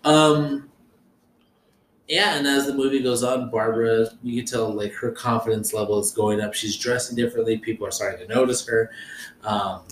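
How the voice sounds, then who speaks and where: A man in a relaxed podcast chat, rambling along and cursing casually as he walks through scenes. His voice sits at a middle pitch. The room echoes around him over a faint hiss. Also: moderate pace. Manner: relaxed, rambling, swears freely. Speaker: podcast co-host. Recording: roomy echo with faint noise.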